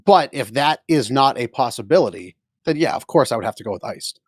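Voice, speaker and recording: Emphatic podcast co-host, dry sound. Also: male voice, medium pitch, expressive, brisk, no echo. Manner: emphatic, swears freely. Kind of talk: casual podcast chat.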